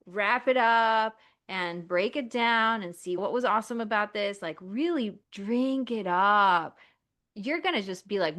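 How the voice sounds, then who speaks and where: A woman talking casually as a podcast guest, acting out inner voices in lively asides. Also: medium pitch, measured pace.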